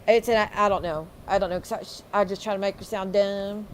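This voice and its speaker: A woman's voice: mid-range voice, fairly even intonation, fairly quick, hardly any pauses, a little hiss or hum. A woman hosting a livestream, ranting angrily with heavy profanity and sarcastic mockery. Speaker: streamer host. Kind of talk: livestream rant.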